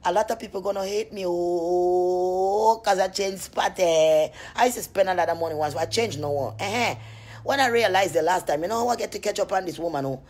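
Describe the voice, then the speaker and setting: A woman's voice: lowish voice, breathy edge. A woman talking casually on a phone live stream from home, telling rambling stories and laughing often. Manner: chatty, laughs often, animated storytelling. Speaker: cream seller on a live stream. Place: at home, just out of bed.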